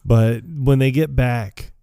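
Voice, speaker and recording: A man co-hosting a podcast, recapping a movie in casual chat, laughing often and acting out lines in lively voices. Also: medium pitch, slow, creaky, clean tone, no echo, studio quality. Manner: laughs often, acts out quotes in animated voices. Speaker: podcast co-host.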